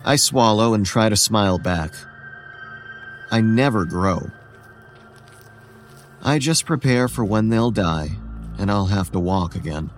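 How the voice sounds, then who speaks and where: A man's voice: fairly low pitch, expressive, measured pace, long pauses. A man narrating as a weary, ageless boy. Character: weary, homeless boy who looks about eleven. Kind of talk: first-person horror story narration. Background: soft music.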